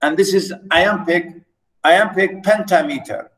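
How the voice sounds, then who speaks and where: A man gives a lecture over an online class in a fairly high voice. He speaks slowly and haltingly, with frequent fillers and repeated words. When he marks out the beats of a line he counts them deliberately, one by one. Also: fairly bright tone, low-quality recording. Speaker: university lecturer.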